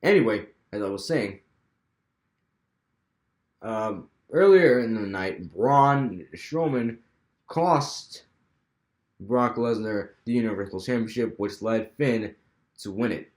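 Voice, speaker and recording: A man's voice: lowish voice, expressive, slow pace, long pauses, darkish tone. Rambling young man in an echoey room. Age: young adult. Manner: rambling, many restarts. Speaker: wrestling fan vlogger. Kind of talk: casual fantasy booking monologue.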